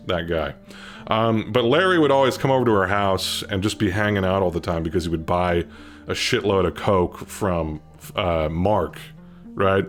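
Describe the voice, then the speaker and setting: A young man tells a long story to his channel in a low voice, swearing freely and getting heated as he goes. Faint music runs underneath. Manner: animated, profane, rising to near-shouting when quoting himself. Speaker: channel host. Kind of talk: casual storytelling vlog.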